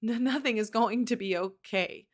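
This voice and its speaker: A woman's voice: fairly high pitch, lightly acted. A woman doing a sobbing teenage girl. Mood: tearful. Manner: tearful, halting, breaking voice.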